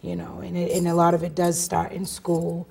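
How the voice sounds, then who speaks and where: Gravelly, dark-voiced woman co-host. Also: lowish voice, monotone, normal speed, a little hiss or hum. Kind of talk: casual talk show chat.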